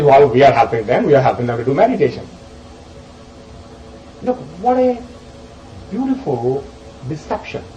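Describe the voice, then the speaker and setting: A man teaching a group as he explains scripture verses, animated and emphatic, swinging between loud questions and soft asides. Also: high voice, echoey room, highs cut off, slight background noise. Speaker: spiritual teacher.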